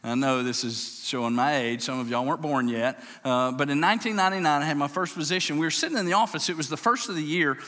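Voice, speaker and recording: Folksy Southern preacher in a reverberant hall. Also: male voice, quick pace, few pauses. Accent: Southern US, Louisiana. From Louisiana. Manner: folksy and animated, acts out voices, drops low and quiet for emotional moments. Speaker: pastor, state police chaplain. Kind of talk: storytelling sermon. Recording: long reverb of a large hall.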